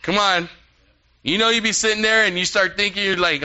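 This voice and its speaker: Lively, high-voiced male preacher. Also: brisk, clean tone. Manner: animated, conversational preaching with asides. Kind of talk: sermon. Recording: dull lo-fi sound.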